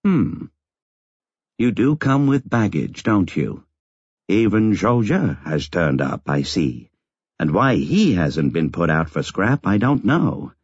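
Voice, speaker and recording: A man voicing a wry older nun who teases quietly in an audiobook. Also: sits low, big pitch swings, slow, breathy edge, no echo, dull audio, exaggerated voice.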